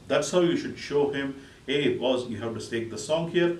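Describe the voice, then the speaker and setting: A man giving a music lesson, counting beats aloud and reciting rhythm syllables in loud bursts between calm explanations. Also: mid-range voice, normal speed, very noisy. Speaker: music teacher. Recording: echoey room, voice from a distance.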